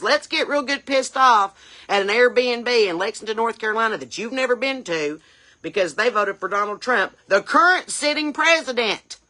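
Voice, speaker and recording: A woman's voice: mid-range voice, bright, forceful tone, close to an everyday voice. A woman playing a brash, indignant chain-smoking mom, scolding and firing off rhetorical questions. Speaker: comedy character creator. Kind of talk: character comedy rant.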